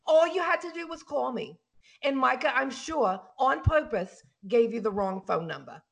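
This is a loud, boastful cougar of a realtor, put on by a woman in a comedy podcast sketch. The voice sits high and gravelly, and she talks bossy and catty, bragging about herself. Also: lively intonation, normal speed, heavily acted. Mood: brassy flirting. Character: brash flirty middle-aged woman realtor, self-styled cougar. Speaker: comic character in a podcast sketch.

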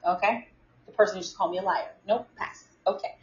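A woman telling a story to a live audience in a casual, animated and exasperated way, talking straight to her viewers. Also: mid-range voice, fast, reverberant, muffled recording, a little hiss or hum. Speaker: live stream host.

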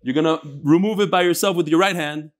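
A middle-aged man teaching a daily Mishnah class, animated and joking, mixing Hebrew terms into his English as he demonstrates. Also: fairly high pitch, fast talker, background noise.

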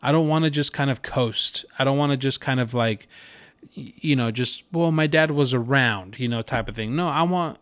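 Male podcast host in his thirties, loose chatty storyteller, average pitch, dry and close. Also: moderate pace, dry recording. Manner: rambling, with many fillers and restarts. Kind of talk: casual storytelling monologue.

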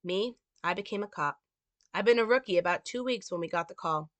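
A woman's voice: medium pitch, brisk, a bit bright, dry recording, close to an everyday voice. A woman reading the lines of a sarcastic, hard-bitten male police detective from a script in a dry, mocking way. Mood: grim.

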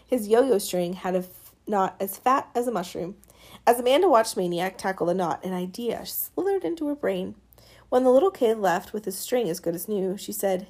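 Female audiobook narrator, mid pitch, lively storyteller who voices the characters. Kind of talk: scripted narration.

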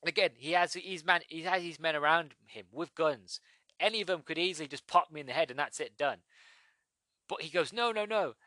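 A man giving a casual, rambling spoken game review, often restarting his sentences and acting out lines from the game in sudden loud bursts. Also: fairly high pitch, fairly quick, no echo. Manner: rambling, chatty, with frequent restarts.

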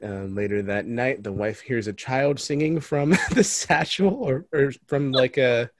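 A man's voice: mid-range voice, measured pace, dry recording, studio quality. A young adult man hosting a podcast in casual chat, joking and laughing as he recaps a movie. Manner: jokey, laughs often, recaps with restarts. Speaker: podcast host.

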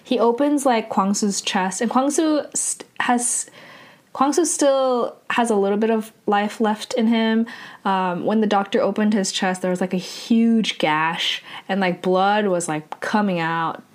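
A woman with a medium-pitched voice recaps a drama episode casually. Her talk is loose and chatty, packed with "like" fillers and quick self-corrections.

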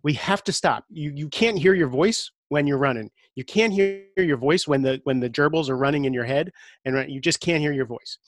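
A man's voice: on the high side, brisk, no echo. A middle-aged man speaking earnestly as an interview guest, often repeating words as he thinks aloud. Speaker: guest coach. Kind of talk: conversational interview.

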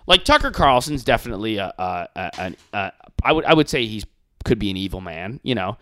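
A man's voice: lowish voice, fairly quick. A man hosting a podcast, ranting casually with crude jokes and mocking impressions. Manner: animated, profane, mocking impressions. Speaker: podcast host.

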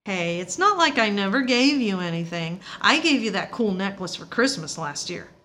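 A woman's voice: mid-range voice, big pitch swings, moderate pace, bright, forceful tone, a little hiss or hum. A woman voicing a blunt, teasing young woman. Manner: brushing off, teasing.

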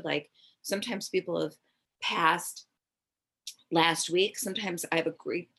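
Low-voiced woman telling a rambling story. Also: a bit bright. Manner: rambling, self-interrupting, with frequent "like" and "um". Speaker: medium sharing readings. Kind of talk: casual storytelling on a podcast.

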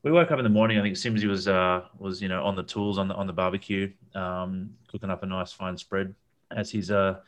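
A man's voice: deep voice, steady tone, brisk. A man, telling a long, rambling camping story in a casual chat, with lots of fillers and repeated words.

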